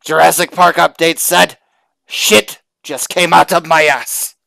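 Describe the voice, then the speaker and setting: Male podcast co-host, gravelly, sharp-toned, jokey banter. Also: on the high side, little pitch movement, measured pace, no echo. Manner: joking, shouts bits loudly. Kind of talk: casual comedic podcast banter.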